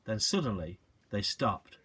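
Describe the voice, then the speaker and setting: Male teacher, storybook reading, expressive with asides, animated delivery. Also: on the low side, measured pace, breathy edge. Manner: expressive, adds short asides to listeners. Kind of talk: reading a children's book aloud.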